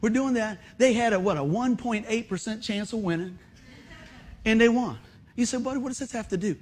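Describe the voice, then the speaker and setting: A middle-aged pastor, speaking in a notably high voice. His sermon is folksy and conversational, full of jokes for the congregation and animated, shouted retellings of stories. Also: a little fast. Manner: animated storytelling, acts out shouts and exclamations.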